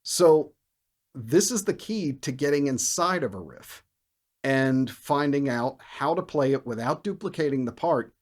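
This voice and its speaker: A man teaching bass in a video lesson, who explains with energy and scats riffs and counts beats out loud. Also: lively intonation, measured pace.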